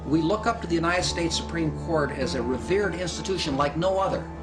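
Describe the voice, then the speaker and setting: A man's voice: on the high side, fairly quick, over music. A man interviewed for a documentary, speaking in an indignant, rhetorical manner. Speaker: interviewee commentator.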